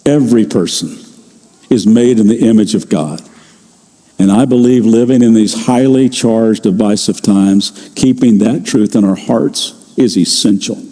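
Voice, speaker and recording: A man's voice: fairly low pitch, warm tone. Older male pastor preaching in a reverberant hall. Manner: conversational storytelling, slows for emphasis. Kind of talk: sermon.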